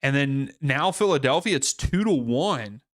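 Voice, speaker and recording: A man's voice: mid-range voice, animated, measured pace, fairly bright tone, no room sound, studio quality. A man hosting a live soccer watchalong stream, chatting casually and thinking aloud with fillers and restarts. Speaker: livestream watchalong host.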